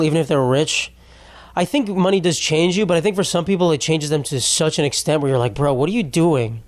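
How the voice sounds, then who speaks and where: This young man's voice is a little high, with no echo. He's hosting a podcast, riffing in a profane, rambling comedy monologue that repeatedly cuts off mid-thought.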